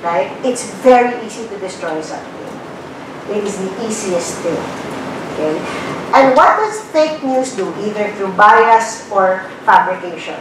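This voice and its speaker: A Filipino woman giving a guest lecture to a business class, blunt and animated, firing off rhetorical questions. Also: mid-range voice, a little slow, recorded from a distance, noisy background. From Philippines. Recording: very echoey room recording from afar.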